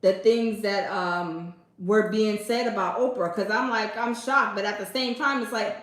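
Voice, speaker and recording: A woman's voice: medium pitch, measured pace, reverberant, poor audio. A woman hosting a casual commentary stream, talking straight to her viewers and repeating herself for emphasis. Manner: repetitive, emphatic, addresses viewers as y'all. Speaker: commentary host.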